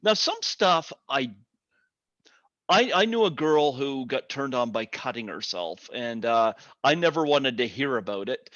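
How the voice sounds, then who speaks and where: A man's voice: mid-range voice, expressive, unhurried, fairly bright tone, no room sound. A man hosting a podcast, musing in casual chat. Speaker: podcast host. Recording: dull, dry sound.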